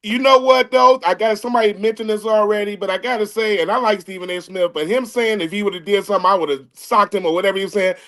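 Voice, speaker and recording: A man's voice: high-pitched, quick pace, few pauses. A man arguing in a casual podcast debate over a video call, restarting his words often. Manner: animated, stammering restarts. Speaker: comedian panelist. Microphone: remote video call.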